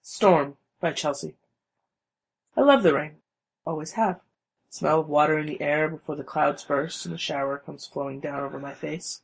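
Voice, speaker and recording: A man reads his own short story aloud in a calm, reflective manner. His voice sits a little high and carries a clear gravelly fry. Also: normal speed, poor audio. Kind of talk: reading a short personal story.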